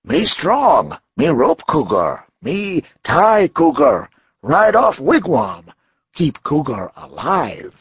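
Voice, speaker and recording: Casting: boastful old buffalo hunter, gravelly, slow, emphatic broken speech, swoops wildly in pitch, put on by a male narrator. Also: huge pitch swings, dry recording, highs cut off, exaggerated voice. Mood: insistent.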